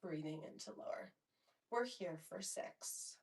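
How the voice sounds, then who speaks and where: A woman's voice: lowish voice, lively intonation, unhurried, creaky, far from the mic. Woman, young adult, pilates instructor, out of breath, encouraging, counting reps, echoey room. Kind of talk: guided workout instruction. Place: home workout room.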